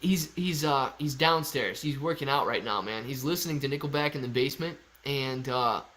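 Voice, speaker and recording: A man hosting a casual live stream, chatting excitably with viewers and laughing often. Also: medium pitch, normal speed. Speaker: livestream host reading chat.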